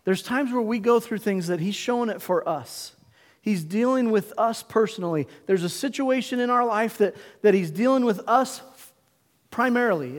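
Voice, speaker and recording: A middle-aged male pastor preaching a sermon in a church, emphatic, with dramatic pauses and call-and-response. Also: sits high, in a large hall. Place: church sanctuary.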